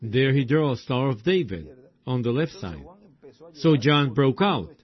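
Slow-preaching man, lo-fi. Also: mid-range voice, very animated. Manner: slow, drawn-out preaching with exclamations. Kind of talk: sermon. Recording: dull lo-fi recording.

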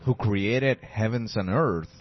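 A man preaching a sermon slowly and emphatically, repeating key phrases. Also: lowish voice. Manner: slow emphatic preaching with repetition. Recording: dull lo-fi sermon recording.

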